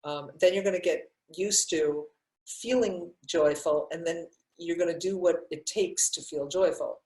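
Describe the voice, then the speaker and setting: An older woman with a lowish voice answers questions about breathing practice. She talks loosely, full of fillers and restarts. Her voice carries around an echoey room. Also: unhurried. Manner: warm, rambling, many restarts and fillers. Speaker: breathwork teacher. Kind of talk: live Q&A answers.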